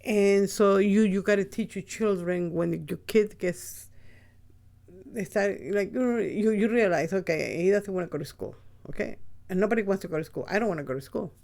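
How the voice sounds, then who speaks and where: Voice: mid-range voice, normal speed, gravelly, a little mellow. A podcast host speaking in a casual, rambling monologue, blunt and often profane, with frequent restarts. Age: adult with a child.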